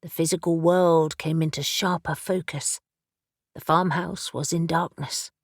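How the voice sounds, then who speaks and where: Woman, audiobook narration, steady, slow pace, middle pitch, dry close recording. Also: no echo.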